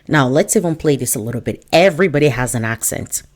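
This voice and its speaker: A woman career coach talks straight to the camera. She is chatty and animated, and she drops joking asides into her advice. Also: rumbling low, quick pace. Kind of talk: direct-to-camera advice talk.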